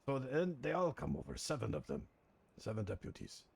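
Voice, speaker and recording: A man's voice: mid-range voice, huge pitch swings, brisk, a little mellow, pitched above the performer's own voice, full character voice. A man playing a defiant foreign-born outlaw who tells his story in broken English and swears bluntly. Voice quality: gravelly and husky. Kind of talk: roleplay in a western game.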